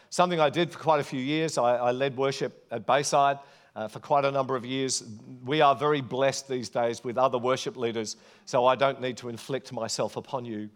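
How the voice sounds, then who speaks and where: A man's voice: mid-range voice, normal speed. A man preaching a sermon, telling a personal story in an earnest, conversational way.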